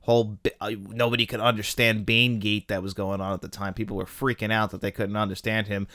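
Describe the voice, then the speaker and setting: A man's voice: on the low side, flat delivery, fairly quick, sharp tone, no echo, clean studio sound. A man hosting a film podcast, giving casual, opinionated commentary in an enthusiastic, chatty way. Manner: enthusiastic, chatty, laughs at his own jabs. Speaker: podcast host ranking films.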